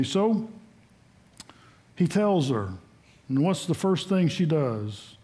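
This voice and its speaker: Guy preaching a sermon, high-ish voice, chatty and folksy, reads scripture then riffs on it. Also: lively intonation, takes it slowly, darkish tone. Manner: folksy, conversational, acts out quotes.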